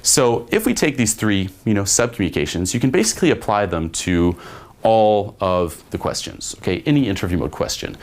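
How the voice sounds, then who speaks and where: A man's voice: on the low side, lively intonation, quick pace. A young man teaching a dating lesson in a casual way, often checking in with "okay?" and swearing now and then. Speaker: dating coach. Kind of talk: spoken lesson with acted examples.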